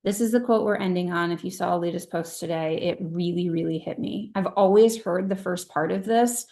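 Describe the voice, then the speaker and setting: A middle-aged woman, a direct-sales team leader, addresses her sales team over a video call. Her voice is fairly low and warm, and she speaks briskly in an earnest, emphatic, heartfelt way.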